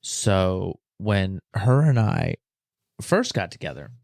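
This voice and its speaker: A man's voice: sits low, sing-song, takes it slowly, gravelly, darkish tone, dry recording. Podcast host, male, laid-back and rambling, dry close-mic sound. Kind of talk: casual storytelling chat.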